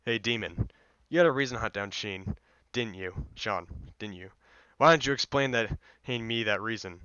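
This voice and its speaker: A calm, defiant young man, read by a man pressing a demon with blunt questions, in a bright, smooth voice. The recording is dry and a little dull. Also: fairly low pitch, normal speed, no room sound. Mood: demanding. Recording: slightly dull lo-fi mic, dry.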